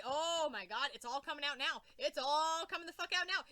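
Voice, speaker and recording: A woman's voice: sits high, moderate pace, hardly any pauses, sharp tone, no room sound. A young woman reacting to comics in an emotional rant, exclaiming, swearing and repeating herself. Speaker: comic book reviewer.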